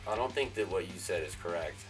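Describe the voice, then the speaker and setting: A man's voice: low-pitched, lively intonation, a little fast, music in the background. Profane, jokey man giving a home tour. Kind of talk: casual home-tour vlog. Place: home, indoors then backyard.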